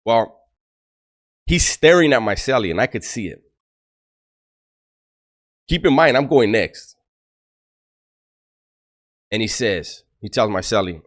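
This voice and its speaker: A man's voice: lowish voice, lively intonation, slow pace, pauses often. A middle-aged man, a former prisoner, giving blunt life advice and rambling prison stories to the camera, swearing freely. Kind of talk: casual storytelling to camera.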